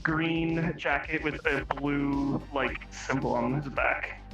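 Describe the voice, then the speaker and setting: A man voicing a secretive corporate android through a robot voice filter, speaking calmly and in a businesslike way. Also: fairly high pitch, slow pace, highs cut off, soft background music.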